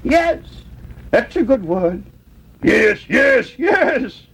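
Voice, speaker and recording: A man voicing a stubborn young male mouse in a storybook, with a raspy voice. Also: fairly high pitch, huge pitch swings, measured pace, voice pushed up, exaggerated voice. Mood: happy.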